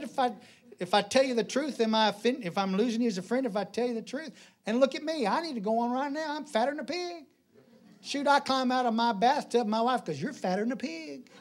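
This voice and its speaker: A middle-aged man preaching a sermon in a church, folksy and joking, telling stories with animated delivery. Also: very high voice. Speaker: pastor. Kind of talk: sermon with jokes.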